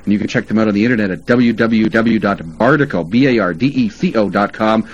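A man's voice: fairly low pitch, quick pace, slightly rough. A male radio host chatting in an upbeat, promotional way about places to stay and eat, with frequent "uh" fillers. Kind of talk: promotional travel and dining chat. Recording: dull lo-fi radio audio with faint noise.

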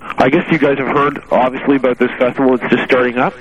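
A man calls in to a radio show and chats at length about films and festivals, rambling and leaning on "uh" and "you know". His pitch is ordinary for a man. The sound is dull and lo-fi. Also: little pitch movement, fast, crowd noise. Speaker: radio contributor. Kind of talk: casual chat.

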